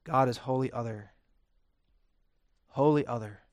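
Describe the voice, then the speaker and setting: A male preacher delivering a sermon, swinging from hushed, quiet phrases to loud, emphatic declarations. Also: medium pitch, measured pace, no room sound, studio quality.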